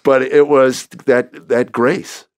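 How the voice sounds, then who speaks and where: A man in his sixties, a comedian, telling lively stories in a podcast interview and acting out what people said. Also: medium pitch, takes it slowly, no room sound, clean studio sound. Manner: animated storyteller who acts out quoted dialogue. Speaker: comedian guest.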